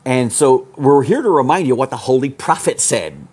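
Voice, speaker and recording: A man preaching a sermon as pastor, fiery, swinging from loud peaks to low asides. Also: big pitch swings, normal speed, few pauses, breathy edge.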